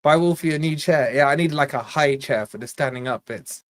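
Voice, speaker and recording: A chatty man hosts a live football watch-along stream. He teases his viewers in loose, casual banter and then snaps into quick bursts of match commentary. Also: fairly high pitch, no echo, studio quality. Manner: chatty, teasing, jumps between quiz talk and play-by-play. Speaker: fan channel host doing live match watch-along.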